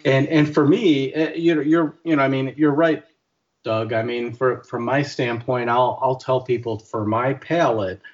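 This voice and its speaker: A man's voice: mid-range voice, measured pace, lo-fi sound. A man co-hosting a podcast in casual chat, rambling with many restarts. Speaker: podcast co-host.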